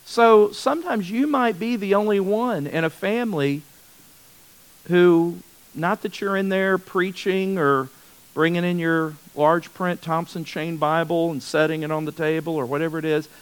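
A man's voice: on the high side, moderate pace, clear, resonant tone, rough recording. A man teaching a Bible study in a conversational way, often repeating words for emphasis and restarting his sentences.

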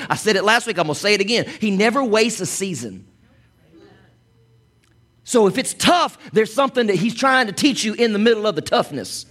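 A man's voice: high voice, lively intonation, normal speed, fairly bright tone, slightly rough. A man preaching a sermon as pastor, chatty and conversational, with asides to the congregation.

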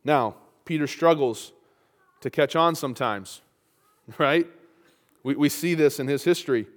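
A man's voice: fairly high pitch, a little slow. A man preaching a sermon, reading scripture aloud and rising to emphatic peaks. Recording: long hall reverb.

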